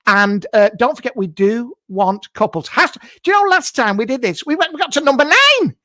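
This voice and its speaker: Camp cheeky psychic guy - a man doing a comedy character, high voice, bounces up and down a lot, dry close sound. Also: very animated, moderate pace, bright, forceful tone, no echo, exaggerated voice. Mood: teasing, bawdy. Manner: bawdy, teasing, breaks into frequent laughter. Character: brash camp male psychic medium, crude and cheeky. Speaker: host of a live psychic comedy show. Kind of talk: improvised live-stream comedy character. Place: double garage at home. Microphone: computer mic on a live stream.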